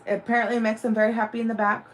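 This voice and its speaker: A woman's voice: a little high, level tone, racing, faint music behind. A woman hosting a livestream, chatting casually in a rambling, profane way with many fillers. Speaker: livestream host. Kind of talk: casual chat.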